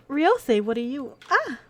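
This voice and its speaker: Young female streamer, unhurried, high-pitched, flustered and giggly reading a romance game. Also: no echo. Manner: flustered, giggly, reads narration softer and lower. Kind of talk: live game playthrough with read-aloud narration.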